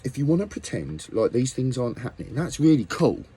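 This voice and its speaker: Man, husky voice, heated vlog rant, swearing, rhetorical questions. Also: mid-range voice, very animated, brisk, mellow. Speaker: musician vlogger. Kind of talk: angry rant to camera.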